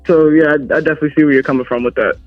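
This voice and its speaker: A woman's voice: sits low, fairly even intonation, rapid-fire, highs cut off, faint music behind. A woman from the Washington DC area, a guest artist and songwriter talking openly in a casual interview and acting out what others say to her. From Washington DC metro area. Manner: candid and open, acts out what others say.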